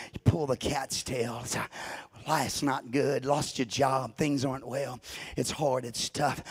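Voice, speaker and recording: A man's voice: medium pitch, breathy edge, no echo. A man preaching a sermon in repeated, rhythmic phrases.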